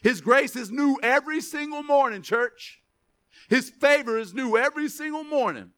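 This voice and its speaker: A man preaching a sermon as pastor, reading verses slowly with emphasis, then dropping into quick asides to the church. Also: very high voice. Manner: animated, stretches scripture words for emphasis, drops to asides.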